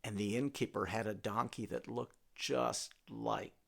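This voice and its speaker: A man telling a folktale in a playful, animated way, with a gravelly voice. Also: on the low side, unhurried. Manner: playful, animated, talks to his donkey. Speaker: storyteller.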